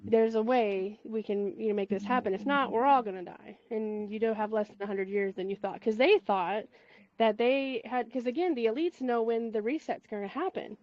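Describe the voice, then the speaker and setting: A woman's voice: on the high side, moderate pace, dry recording, muffled recording. A woman hosting a community call, chatting casually and rambling through asides with frequent laughs. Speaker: host of a spiritual community call. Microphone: call mic.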